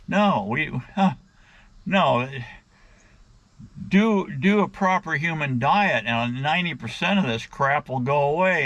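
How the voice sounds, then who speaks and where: A man's voice: on the high side, expressive, unhurried, a bit bright, lo-fi sound. A middle-aged man in a casual rant to his viewers, blunt and crude, often calling them "guys". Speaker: vlogger.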